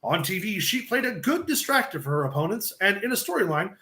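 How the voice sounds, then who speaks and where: A man's voice: high-pitched, very animated, brisk, bright, forceful tone, echoey room. A man hosting a casual podcast and reading a script aloud in a blunt, loose way. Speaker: podcast host.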